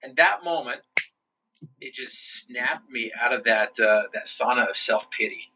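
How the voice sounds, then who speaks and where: A man's voice: medium pitch, unhurried, muffled recording, background noise. A man being interviewed on a podcast, telling his own story earnestly, often restarting his sentences. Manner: earnest, with frequent restarts and "you know". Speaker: interview guest.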